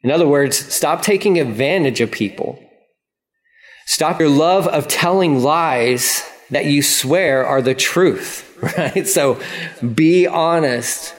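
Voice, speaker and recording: A man, a pastor, preaching a sermon and paraphrasing scripture in a lively, conversational way. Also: fairly high pitch, slow.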